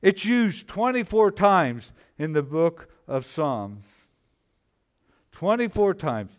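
A man preaching a sermon, slow and emphatic, repeating key phrases and swinging from loud exclamations to hushed, low lines. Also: big pitch swings. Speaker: pastor.

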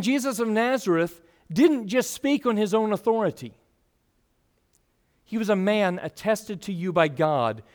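A man's voice: sits high, darkish tone. A man preaching a sermon, teaching earnestly with rising and falling emphasis.

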